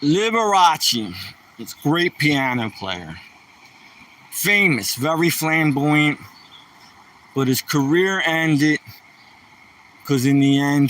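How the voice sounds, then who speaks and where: Far from the mic, a man with a slightly high, fairly bright voice speaks slowly with lively intonation and long pauses. He's hosting a casual joke-telling livestream, rambling through corny jokes and making fun of himself.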